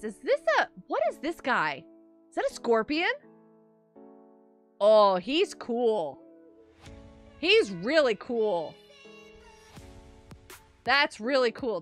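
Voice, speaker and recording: A woman's voice: fairly high pitch, fairly bright tone. A woman streaming a game live, chatting casually, gushing thanks to viewers and giggling often.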